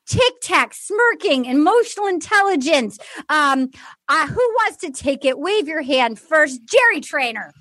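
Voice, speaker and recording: A woman's voice: sits high, big pitch swings, unhurried, fairly bright tone. A woman hosting a podcast, recapping in a chatty, mocking way. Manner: chatty, mocking, acts out quotes. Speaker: podcast host. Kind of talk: casual recap chat.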